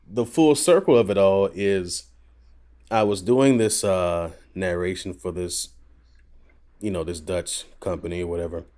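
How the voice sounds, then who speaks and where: Animated man telling stories with laughter. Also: lowish voice. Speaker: voice actor guest. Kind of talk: candid podcast storytelling.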